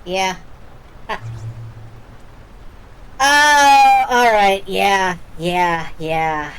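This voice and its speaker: A woman's voice: medium pitch, drawn-out words, a bit bright, clean tone. A woman streamer giving casual live commentary while playing a game demo, wry and enthusiastic, swearing freely and thinking aloud.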